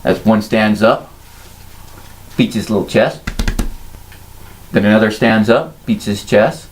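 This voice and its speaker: A man narrating a tabletop role-playing game as game master, in a playful, animated way. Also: fairly low pitch, slow pace, a little hiss or hum. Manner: animated, playful scene-setting.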